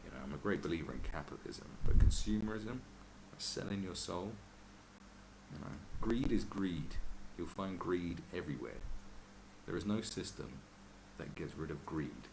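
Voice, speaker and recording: A man's voice: low-pitched, lively intonation, moderate pace, vocal fry. A man hosting a podcast, ranting in casual, profane chat and mimicking other people's voices. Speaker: podcast host. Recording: noisy background.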